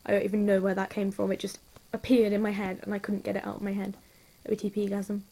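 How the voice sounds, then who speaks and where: A woman's voice: medium pitch, completely flat delivery, fast talker, gravelly, mellow. A woman with an English accent chatting to her followers in a gushing, rambling way, piling up repeated words for emphasis. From England. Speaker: vlogger. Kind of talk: casual chat to camera.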